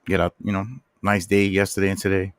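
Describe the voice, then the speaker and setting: A relaxed man chats as a podcast co-host in streetwise slang. His fairly low voice is recorded dry and close. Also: quick pace, dry recording. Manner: laid-back, streetwise, profane. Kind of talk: casual chat.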